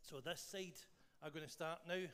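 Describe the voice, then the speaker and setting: A man's voice: fairly high pitch, normal speed, clear, resonant tone. A man with a Scottish accent leading a church service, praying and then running a playful quiz for the congregation. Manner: playful, jokey, animated with the room. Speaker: church leader. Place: church hall. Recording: long church-hall reverb, faint noise.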